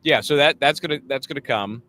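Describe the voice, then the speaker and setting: A man's voice: medium pitch, a little fast. A man co-hosting a casual chat about a court trial, talking wryly and acting out what others said. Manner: chatty, wry, quotes others in animated voices. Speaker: legal commentator co-host.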